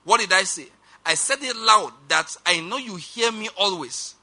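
Male preacher, high and very bright voice, emphatic sermon delivery, drawn-out scripture reading, quick asides to the congregation. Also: lively intonation. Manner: emphatic, slows down for quoted scripture; rushed asides, calls on congregation to repeat.

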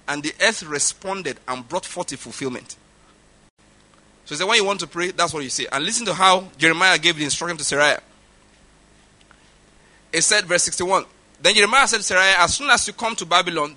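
A middle-aged Nigerian-accented man preaching with a raised, ringing voice. His tone is sharp and bright, and he drives his points home by repeating them. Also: sits high. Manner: emphatic, repeats points for stress. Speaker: pastor. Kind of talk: sermon.

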